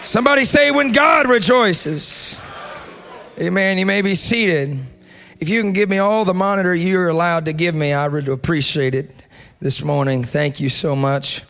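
A young adult man preaching a sermon in a church, leading the congregation in call and response and building to loud prayer. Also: on the high side, moderate pace, some chatter behind. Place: church sanctuary.

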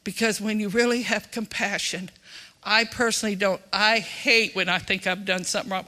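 Bright-voiced preacher with a drawl. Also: mid-range voice, fairly even intonation, normal speed. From Texas. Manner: folksy, emphatic, swings between loud and hushed. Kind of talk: sermon.

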